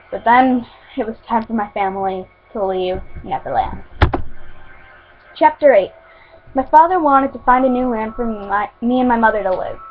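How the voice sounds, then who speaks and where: Woman reading a story over a tinny line. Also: medium pitch. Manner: stumbling reading with restarts and asides. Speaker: reader of her own fan fiction. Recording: tinny phone-like recording.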